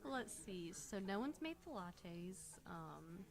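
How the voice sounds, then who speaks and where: A soft-spoken young woman calls the action of a card game tournament on a live stream. Her voice stays quiet and low-key, and she keeps the banter relaxed and full of small laughs. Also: takes it slowly. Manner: easygoing, giggly banter. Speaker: tournament commentator.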